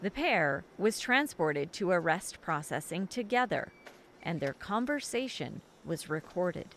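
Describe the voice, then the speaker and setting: A woman giving scripted documentary narration in a steady, even delivery. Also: lowish voice, a little slow, slight background noise. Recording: narration over background music.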